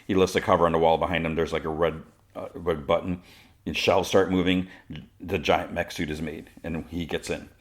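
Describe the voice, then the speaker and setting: Low-voiced podcast guy recapping a cartoon, casual, says like a lot. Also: little pitch movement, normal speed. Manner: casual, many "like" fillers. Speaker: podcast host.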